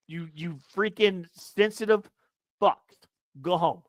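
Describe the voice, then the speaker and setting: A young man co-hosting a casual sports podcast, ranting loudly and profanely with a lot of repetition. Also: on the high side, normal speed, dry recording. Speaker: podcast co-host.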